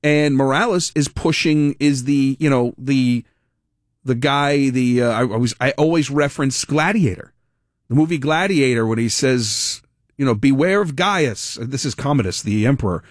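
A man hosting a political talk radio show, giving animated, rambling, sarcastic commentary. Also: medium pitch, moderate pace, no room sound, studio quality.

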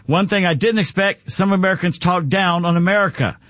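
A male radio co-host with a slightly high voice, chatting and reading listener material aloud. The studio audio is dry and somewhat dull. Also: a little fast, fairly bright tone, no echo. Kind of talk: casual talk radio banter, reading posts aloud.

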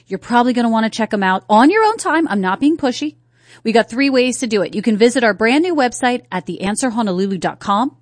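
A woman's voice: medium pitch, no echo, studio quality. A woman from North Carolina hosting a talk radio show, chatting casually and asking her listeners rhetorical questions. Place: radio studio. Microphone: studio microphone.

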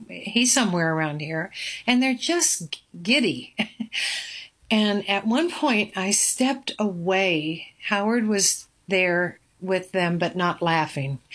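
An older woman, a grandmother, slowly telling a painful family story, halting and earnest with many fillers. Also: lowish voice, a bit bright. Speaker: guest. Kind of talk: personal storytelling.

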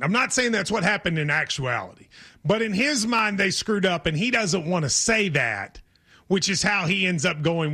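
A man with a Kentucky accent hosting a casual sports talk show, animated and quick to laugh. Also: sits high, husky.

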